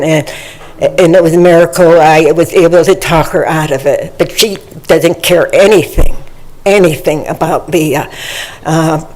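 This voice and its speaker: A woman's voice: deep voice, darkish tone, low-quality recording. An older woman giving earnest personal testimony during a public comment period, often repeating words and phrases for emphasis, speaking into a podium microphone in a county meeting chamber.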